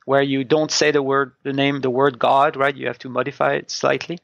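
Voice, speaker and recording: A man's voice: medium pitch, flat delivery, fairly quick, vocal fry, a bit bright, no echo. A man from France, a native French speaker, co-hosting a casual comics review podcast and explaining points thoughtfully, with many restarts. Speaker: podcast co-host. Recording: dull, dry sound.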